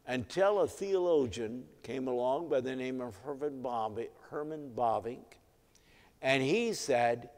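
A male pastor preaching an evening sermon, telling the story in a measured way and letting his voice swell and drop for emphasis. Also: medium pitch, a little mellow. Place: church sanctuary. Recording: long hall reverb.

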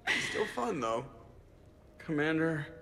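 Brief: dry, complaining pilot, light voice, game dialogue. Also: male voice, on the high side, very animated, slow pace, vocal fry, sharp tone, heavily acted. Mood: groaning. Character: hungover wisecracking male pilot. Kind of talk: video game voice acting.

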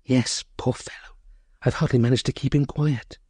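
A man putting on hushed, frightened nurses. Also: medium pitch, steady tone, moderate pace, breathy edge, no echo, clean studio sound, natural voice. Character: anxious hushed hospital nurses, women.

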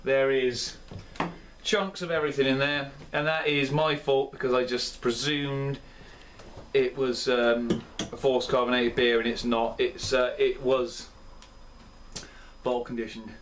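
A man's voice: mid-range voice, flat delivery, a little slow, a little hiss or hum. Rambling, chatty male beer reviewer. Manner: rambling, chatty, self-deprecating. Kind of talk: casual chat. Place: indoor room at home.

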